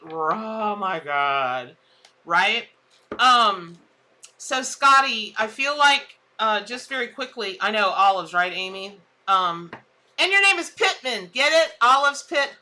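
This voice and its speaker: A woman, a tarot reader chatting casually on a live stream, exclamatory and quick to laugh at her own jokes. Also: fairly high pitch, bright, forceful tone.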